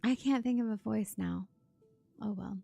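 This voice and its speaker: Tired, gravelly woman streamer. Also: mid-range voice, normal speed, mellow, soft background music. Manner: chatty, gushing asides. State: tired after a long stream. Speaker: livestreamer. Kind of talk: casual gaming livestream chat.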